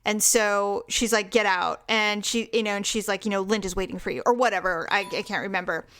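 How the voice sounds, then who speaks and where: A woman co-hosting a podcast, telling a bad-date story in a frank, animated way, acting out the dialogue and laughing often. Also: medium pitch, a little fast. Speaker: podcast co-host. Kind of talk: casual storytelling chat.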